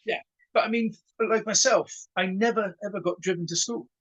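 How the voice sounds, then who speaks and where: A man in his sixties tells stories as a guest on an interview show. His voice is husky and sits a little high, and he trips over repeated words while acting out the people he quotes. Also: fairly quick, rough recording. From Wales. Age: 60s. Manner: animated storyteller who stutters on repeated words and acts out dialogue. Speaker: karate instructor and guest. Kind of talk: casual storytelling interview.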